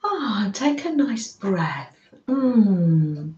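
A British woman hosting a live craft stream, warmly welcoming viewers by name and chatting as she works. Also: medium pitch, very animated, drawn-out words, roomy sound, lo-fi sound. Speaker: craft livestream host.

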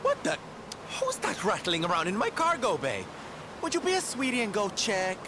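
A man's voice: high voice, huge pitch swings, normal speed, background noise. An actor playing a flamboyant, affectionate man in a video game who calls everyone darling in a theatrical way. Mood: breezy. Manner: theatrical and doting. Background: game music.

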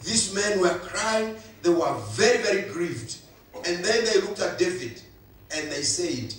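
A man's voice: sits high, expressive, a little slow, a bit bright, a little hiss or hum. A male pastor, preaching a sermon with emphatic repetition. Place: church hall. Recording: echoey hall, voice from far off.

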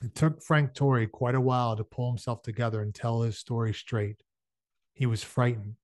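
A man reads a novel aloud at a medium pitch, steady and unhurried, now and then breaking off to explain things in a casual, chatty way. The recording is dry and close, with no room sound. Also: no echo. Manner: casual explanatory asides between passages. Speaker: audiobook reader.

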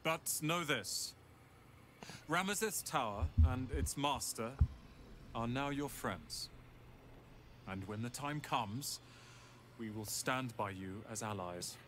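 A man's voice: mid-range voice, expressive, slow, long pauses, background noise. An actor playing a proud young male wizard who has just become master of a tower, speaking formally and earnestly. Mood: solemn. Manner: formal, earnest, solemn vows.

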